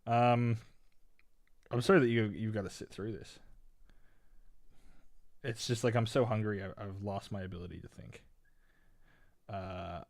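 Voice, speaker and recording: Young canadian-born guy streaming chess, rambly, mumbles then gets loud, dry close sound. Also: lowish voice, steady tone, measured pace, long pauses, no echo. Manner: rambling, swings from mumbling to loud exasperated outbursts. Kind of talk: casual live-stream chat.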